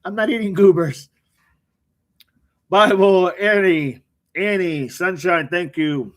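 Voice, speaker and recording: A man hosting a casual livestream, reading out viewer comments by name and answering them with jokes. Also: high-pitched. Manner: reads viewer comments aloud by name, joking and quick responses. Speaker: livestream host reading chat. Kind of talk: casual live chat.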